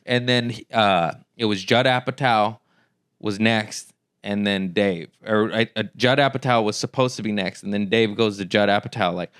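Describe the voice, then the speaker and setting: A man with a lowish, smooth voice, recorded dry and close. He hosts a comedy podcast and tells his stories in an easy, unhurried way. He laughs along with his guest. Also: a bit bright, dry recording. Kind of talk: casual podcast chat.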